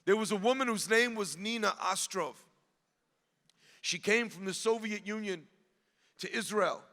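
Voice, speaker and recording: A man, a rabbi, giving an impassioned storytelling speech at an event, rising at times to shouts. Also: sits high, a little slow, long reverb tail. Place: large event hall.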